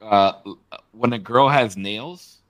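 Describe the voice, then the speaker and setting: A young man co-hosting a podcast in casual chat, animated and emphatic, laughing often and swearing freely. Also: fairly low pitch, takes it slowly, no echo. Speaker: podcast co-host.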